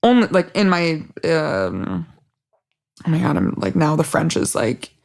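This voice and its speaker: A young woman talks as a podcast guest in a loose, chatty way. Her voice sits a touch low, and she pokes fun at herself, trails off and restarts her sentences. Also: big pitch swings, measured pace, creaky, darkish tone. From United States. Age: young adult. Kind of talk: casual chat.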